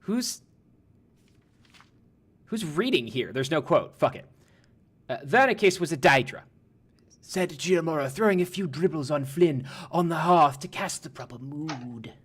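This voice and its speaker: A man's voice: a little high, animated, a little slow, pauses often, slightly rough. A man reading a game book aloud on a stream, casually, swearing and stumbling over words now and then. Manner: irreverent, swears, stumbles and restarts while reading.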